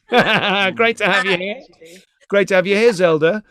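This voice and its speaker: A man's voice: high voice, measured pace, sharp tone. A middle-aged man with a British accent hosting a live-streamed comedy podcast, chatty and giggly, often swearing as he greets viewers. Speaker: podcast host.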